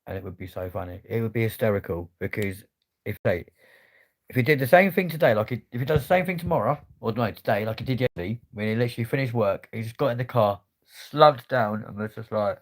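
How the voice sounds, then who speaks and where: A man's voice: mid-range voice, expressive, quick pace. A man chatting casually on a livestream, swearing freely in laddish banter. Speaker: livestream host.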